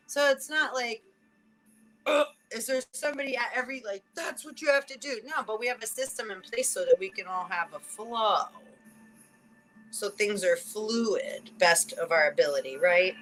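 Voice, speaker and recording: A woman giving a spiritual card reading in a casual livestream chat, rambling and animated, full of "like" and quick laughs. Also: medium pitch, poor audio.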